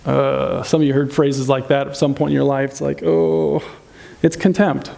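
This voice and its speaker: A man's voice: mid-range voice, flat delivery, brisk, gravelly, darkish tone. A man preaching a sermon in a conversational way, asking the audience questions and acting out insulting quotes. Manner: acts out insulting quotes in changed voices. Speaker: pastor.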